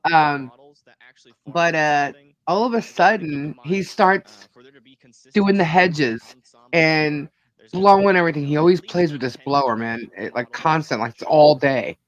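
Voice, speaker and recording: A woman's voice: low voice, measured pace, lo-fi sound. A woman co-hosting a live stream, telling a story in a chatty way and laughing often. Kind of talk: casual live-stream chat.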